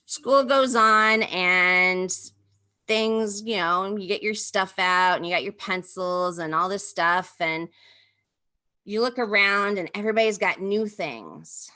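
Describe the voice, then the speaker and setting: A woman's voice: medium pitch, slow pace, bright, forceful tone. A woman pastor leading listeners through a vivid second-person story in an intimate, conversational way, speaking over a video call. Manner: intimate, vivid, with many fillers.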